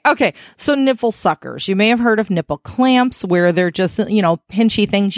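A woman hosting a podcast in casual talk, frank and playful as she explains things. Her voice sits on the lower side and sounds dry and close to the mic, with no room around it. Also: no echo. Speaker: podcast host.

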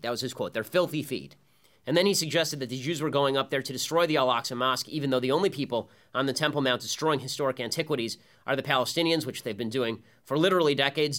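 Male host, punchy monologue delivery, biting sarcasm, middle pitch. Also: a bit bright. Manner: emphatic, sarcastic, rhetorical questions. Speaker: political commentator host. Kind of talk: opinion commentary monologue.

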